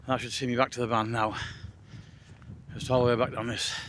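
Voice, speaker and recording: A man's voice: medium pitch, flat delivery, brisk, a bit bright. A man, talking to camera on a long walk, tired and chatty, puffing and sighing between remarks. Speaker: walking vlogger. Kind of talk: casual walking vlog. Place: outdoors on a moorland road. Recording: outdoor walk with noticeable background noise.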